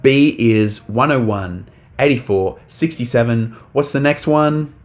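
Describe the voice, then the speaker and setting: A man's voice: mid-range voice, a little slow. A young man teaching a live online English lesson, talking casually to the chat with lots of fillers.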